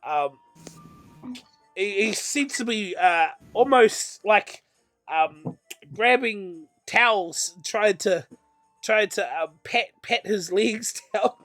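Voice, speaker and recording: A man's voice: sits high, animated, takes it slowly, fairly bright tone, faint music behind. A man narrating as game master of a tabletop game, meandering and often correcting himself.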